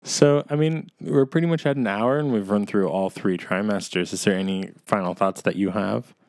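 Male podcast host, fairly low voice, dry sound, lively storyteller. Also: normal speed, creaky, no echo. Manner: animated storyteller, quotes others, laughs easily. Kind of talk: casual chat.

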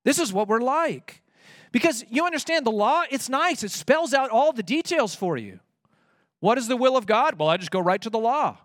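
Man, pastor, sermon, high voice, dry close sound, emphatic on scripture. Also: lively intonation, normal speed, no echo. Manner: emphatic preaching, rising on quoted scripture.

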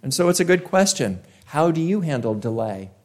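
A man preaching a sermon, emphatic, repeating key phrases with drawn-out pauses. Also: a little high, very animated, darkish tone.

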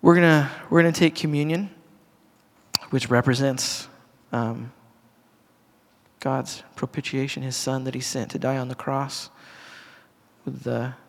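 A man's voice: medium pitch, steady tone, unhurried, pauses often. A middle-aged man, a pastor, giving a casual, earnest sermon to a congregation in a church hall, talking conversationally with restarts and asides. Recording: long reverb of a church hall.

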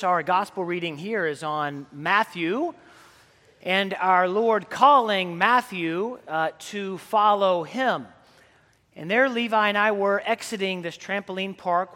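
A man's voice: high voice, bright, forceful tone. A man preaching a sermon as a priest, telling stories in a conversational way. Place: church sanctuary. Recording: long church reverb.

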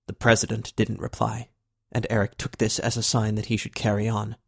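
A man narrating a novel in a steady, even storytelling manner. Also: fairly low pitch, brisk, no echo, studio quality. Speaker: audiobook narrator. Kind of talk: scripted narration.

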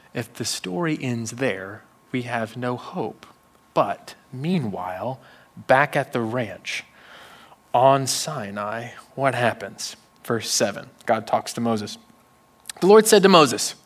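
A man preaching a sermon in a church, animated and wry, with sudden hushed drops. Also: medium pitch.

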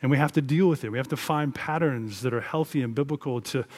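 A man's voice: mid-range voice, fast talker, darkish tone. A man preaching a sermon as a pastor, earnest and conversational, with emphatic rises in his delivery.

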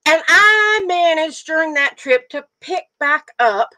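A woman's voice: high-pitched, expressive, unhurried, sharp tone, a little hiss or hum. A middle-aged woman co-hosting a casual chat, telling stories and laughing often. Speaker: podcast co-host.

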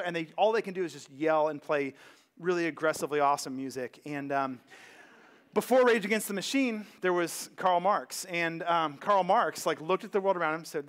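A man with a fairly high voice preaching a sermon to a church. He talks in a loose, conversational way, full of fillers and asides, and gets animated as he goes. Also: fast talker. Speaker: pastor. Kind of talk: casual sermon. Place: church sanctuary.

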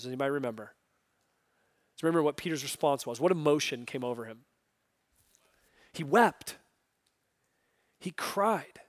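A man preaching a sermon, acting out scripture voices and swinging from loud exclamations to hushed asides. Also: a little high, dry recording, studio quality. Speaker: pastor.

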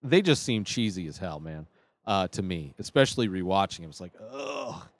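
A man's voice: deep voice, expressive, a little fast. A man hosting his own show, rambling enthusiastically through a casual ranking of films, with plenty of fillers and restarts. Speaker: show host. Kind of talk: casual film ranking monologue.

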